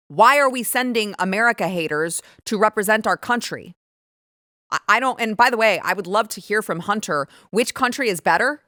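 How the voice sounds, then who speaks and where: A woman hosting a commentary show, talking in a sarcastic, indignant and animated way, and reading an ad. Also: mid-range voice, a little fast, dry recording, clean studio sound. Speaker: host. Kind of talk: opinionated commentary and ad read.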